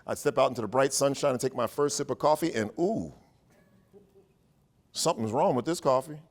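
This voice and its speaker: A man leading a workshop for educators, telling a playful, animated story and joking with his audience. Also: mid-range voice, a little fast.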